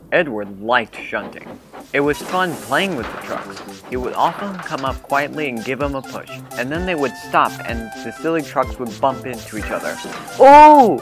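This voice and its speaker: Man narrating a storybook over music. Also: mid-range voice. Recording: background music.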